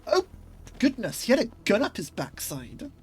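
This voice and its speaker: Chatty woman streamer with a lively voice. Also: a little high, moderate pace, slightly rough. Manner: chatty and rambling, with fillers. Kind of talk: casual gaming stream commentary.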